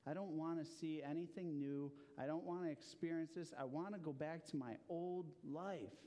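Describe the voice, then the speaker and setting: Sulky homesick sailors voiced by a man: whiny and dismissive, dark tone, in a hall echo. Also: fairly high pitch, normal speed, natural voice. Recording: long hall reverb.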